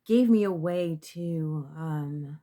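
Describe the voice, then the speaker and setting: This woman, a tarot reader, has a deep voice with a dark tone. She addresses the camera casually but haltingly, with many fillers and restarts, and seems emotional enough to cry.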